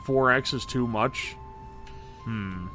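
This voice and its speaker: Excitable, foul-mouthed man streaming. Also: medium pitch, takes it slowly, soft background music. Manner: excitable and profane, swearing and yelling in disbelief; reads out ingredient lists, then reins himself in to talk calmly. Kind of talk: live-stream gaming commentary.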